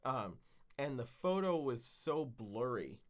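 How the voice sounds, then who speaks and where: This man's mid-range voice swings widely in pitch, and he talks slowly. He co-hosts a podcast and tells a long, casual, rambling story full of fillers and profanity.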